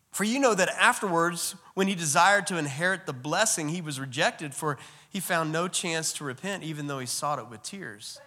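Male pastor, slightly high and bright tone, casual preaching style, long hall reverb. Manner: casual, joking with the congregation. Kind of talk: sermon.

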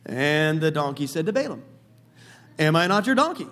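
A man preaching a sermon as pastor, telling a story with lively asides. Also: fairly high pitch, normal speed.

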